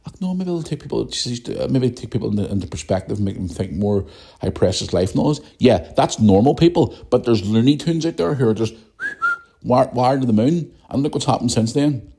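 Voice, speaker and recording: A man's voice: mid-range voice, lively intonation, fairly quick, creaky, warm tone, husky. A man with a Northern Irish accent hosting a podcast, ranting bluntly and swearing often in a casual monologue. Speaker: podcast host.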